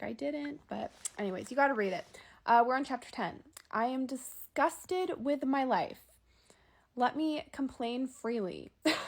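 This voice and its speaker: Woman, Bible study host, raised pitch, reads scripture and adds casual commentary. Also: a little mellow. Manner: chatty asides between earnest scripture reading.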